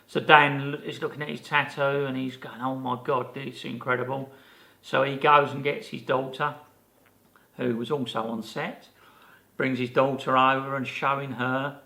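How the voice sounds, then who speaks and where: Gravelly older man telling stories. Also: medium pitch. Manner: animated anecdote teller, many fillers and restarts. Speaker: podcast co-host. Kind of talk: casual storytelling chat.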